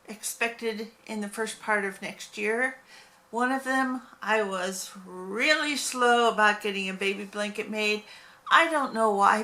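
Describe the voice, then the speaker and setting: A woman's voice: a little high, sharp tone. A woman casually chatting about her crochet projects in a rambling way, often correcting herself mid-sentence. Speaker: crochet hobby vlogger. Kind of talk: casual show-and-tell chat.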